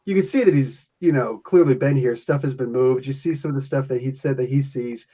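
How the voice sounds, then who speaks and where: A man's voice: medium pitch, fairly quick, warm tone. Rambling man from New Jersey, dull sound. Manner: rambling, chuckling narration with fillers. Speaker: game master. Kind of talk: narrating a tabletop game.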